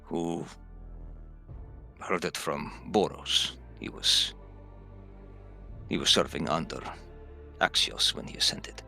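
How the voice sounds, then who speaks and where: A stern, measured soldier in his twenties lectures a rookie, voiced by a man. His low voice is gravelly and forceful, for a tabletop game. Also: soft background music, full character voice.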